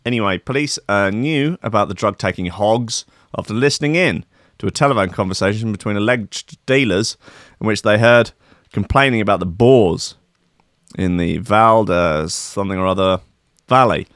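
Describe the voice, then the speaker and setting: A man's voice: fairly low pitch, normal speed, a bit bright, no room sound, studio quality. A man hosting a comic podcast, ranting sarcastically and profanely about news stories. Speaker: podcast host. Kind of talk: sweary comic news rant.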